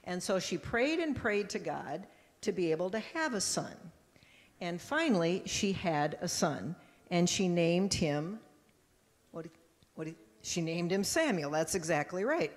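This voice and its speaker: A woman pastor giving a children's message in church, telling a story lively and acting out the voices, with a handheld microphone. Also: lowish voice, moderate pace. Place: church sanctuary. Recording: long church reverb.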